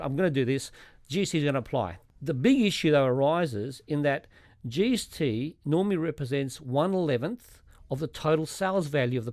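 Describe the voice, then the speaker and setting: A man's voice: a little high, dry recording, studio quality. A man, a tax accountant explaining rules step by step with worked examples on a podcast. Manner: methodical, walks through examples step by step.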